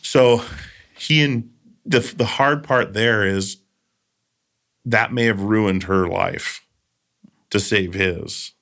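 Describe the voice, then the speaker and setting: Low-voiced man telling podcast stories. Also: takes it slowly, long pauses, a bit bright. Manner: storytelling, earnest, trailing asides. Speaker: podcast host. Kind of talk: casual podcast chat.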